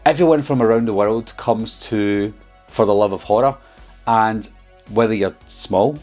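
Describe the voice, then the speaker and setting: A man's voice: lowish voice, measured pace, darkish tone, faint music behind. Chatty Scottish man vlogging. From Scotland. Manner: chatty and rambling, with frequent um and uh. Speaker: horror YouTuber. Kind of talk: casual vlog storytelling.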